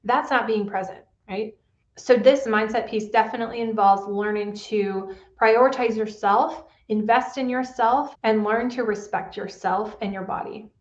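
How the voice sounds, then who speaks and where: A woman's voice: on the high side, steady tone, moderate pace, echoey room, muffled recording. A woman pain specialist hosting a solo podcast, talking in an earnest coaching manner and often checking in with "right?".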